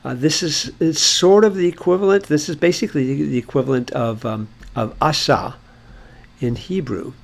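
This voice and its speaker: A man's voice: a little high, moderate pace, creaky. A man teaching a language lesson in a casual explanatory way, thinking aloud with many fillers and restarts. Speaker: Hebrew teacher.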